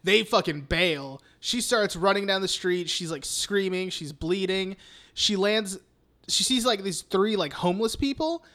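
A man's voice: high voice, lively intonation, measured pace, sharp tone. A young man hosting a podcast, recapping a film in rambling, profane casual chat full of "like". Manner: rambling, profane, heavy use of "like". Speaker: podcast host.

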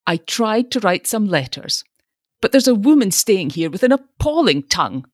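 A woman's voice: medium pitch, very animated, moderate pace, dry recording, clean studio sound, voice pushed up. A woman reading aloud, voicing a fussy, absent-minded elderly father who talks in a querulous, fretful way.

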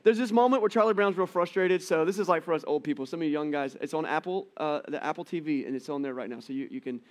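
A man preaching a sermon to his church in a conversational, animated way, with jokey asides. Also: a little high, fast. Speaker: pastor.

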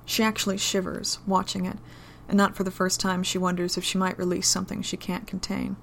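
A woman reading an adult romance story aloud in a low, intimate, steady manner. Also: brisk, creaky, a little hiss or hum. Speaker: narrator.

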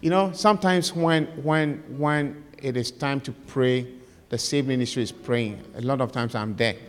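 A man preaching and leading a fervent prayer, repeating his pleas and moving between loud calls and plain, scolding talk to the congregation. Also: mid-range voice, fairly even intonation, normal speed. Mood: exhorting. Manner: fervent, repetitive prayer with rising, pleading calls; conversational, scolding exhortation. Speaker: pastor. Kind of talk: sermon with led prayer. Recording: long hall reverb with faint music.

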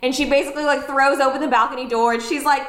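A woman's voice: high-pitched, steady tone, rapid-fire, a bit bright. A young woman co-hosting a casual rewatch podcast, giggling and restarting her sentences as she talks. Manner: giggly, hesitant, many restarts. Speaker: podcast co-host.

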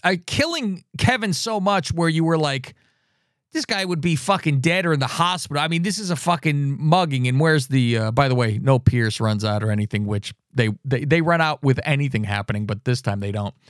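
A man co-hosting a casual wrestling podcast, talking in an animated, rambling way with plenty of swearing and restarts. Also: medium pitch, fairly quick, hardly any pauses, no room sound, studio quality. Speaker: podcast co-host.

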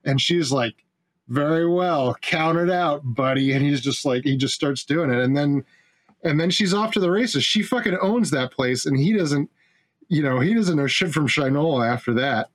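A man's voice: on the high side, normal speed. A man in casual chat who retells a film scene by scene, swearing freely, laughing often and acting out the characters' lines. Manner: animated, profane, laughing storyteller who acts out the dialogue.

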